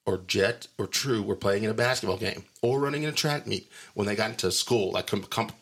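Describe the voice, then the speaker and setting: A man's voice: fairly low pitch, fairly quick, fairly bright tone, slightly rough. A middle-aged man hosting a podcast in casual, joking chat, teasing and laughing often. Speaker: podcast host.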